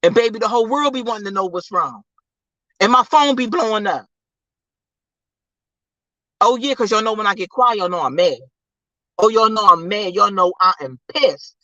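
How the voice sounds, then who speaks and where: A livestream host giving an emphatic, repetitive faith-based pep talk, calling listeners "baby" and swinging from low, slow murmurs up to high, loud bursts. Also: expressive, no room sound, dull audio. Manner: preachy, emphatic, repeats phrases, calls listeners baby.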